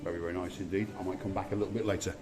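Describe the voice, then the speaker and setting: A man's voice: deep voice, fairly even intonation, rapid-fire, music in the background. A man hosting a vlog, giving a playful, theatrical guided tour of a hotel. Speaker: vlog host. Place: outdoors and indoors at a hotel.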